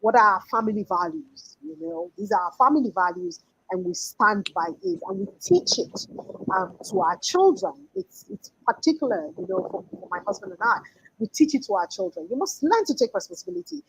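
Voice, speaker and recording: A woman's voice: mid-range voice, big pitch swings, a little fast, vocal fry, slight background noise, rough recording. A woman in her forties giving an earnest, emphatic motivational talk as a life coach, often restarting her sentences.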